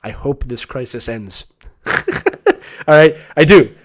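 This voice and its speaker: A man's voice: medium pitch, slow. A middle-aged man, a former hockey player and coach, hosting a live-stream Q&A in an emphatic coaching tone and often checking in with "right?".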